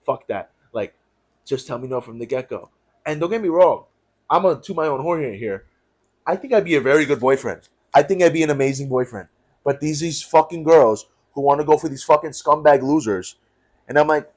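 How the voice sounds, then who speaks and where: A man's voice: a little high, a little fast. Blunt, profane young New York man. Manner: blunt, profane, animated storytelling. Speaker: podcast co-host. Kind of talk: casual chat.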